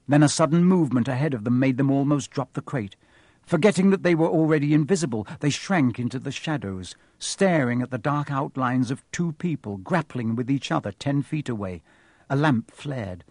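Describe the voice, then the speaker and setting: A man reading a storybook aloud in a measured, expressive way. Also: mid-range voice, dry recording, studio quality. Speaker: audiobook narrator. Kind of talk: scripted storybook narration.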